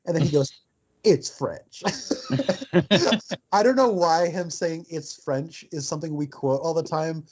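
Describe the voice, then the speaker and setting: A man's voice: on the high side, a little slow, pauses often, darkish tone. Chatty man with fillers on a dull mic. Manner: chatty, quotes lines in silly voices, filler-heavy. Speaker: podcast co-host. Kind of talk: casual film discussion. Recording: dull lo-fi sound.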